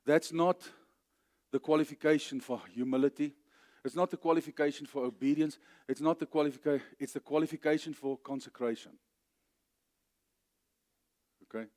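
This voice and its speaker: Male pastor, South African accent, middle-aged, emphatic church sermon, slightly high voice. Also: fairly even intonation, normal speed, long pauses. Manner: emphatic, rising to loud declarations then dropping low.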